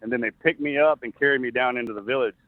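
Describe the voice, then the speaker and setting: A middle-aged man, a former soldier, earnestly recounting a personal story in a halting way with frequent restarts. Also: mid-range voice, no echo. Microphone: phone call. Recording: tinny phone line, dry.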